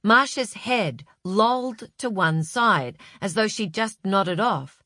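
An audiobook narrator reads a scripted novel in a measured, even way. Her mid-range voice comes through a dry, clean studio recording.

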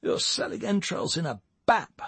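A man's voice: high voice, sing-song, normal speed, fairly bright tone, slightly rough, no echo, pitched above the performer's own voice, heavily acted. A man voicing a self-conscious young man who reluctantly calls out to passers-by to sell hot dogs. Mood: muttering. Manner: reluctant, calling out then muttering.

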